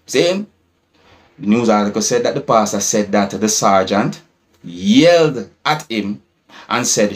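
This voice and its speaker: A man's voice: fairly low pitch, lively intonation, unhurried. A man with a Jamaican accent, a vlogger retelling a news article, often asking viewers whether they see his point. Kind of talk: news commentary vlog.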